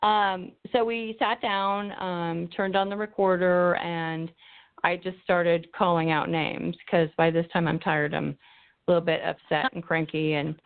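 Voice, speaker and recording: Speaking unhurriedly in a lowish voice with little pitch movement, an Arizona woman who investigates the paranormal rambles through a story, full of ums and restarts, in a casual interview. The audio is a tinny call line, and she drifts off her remote mic.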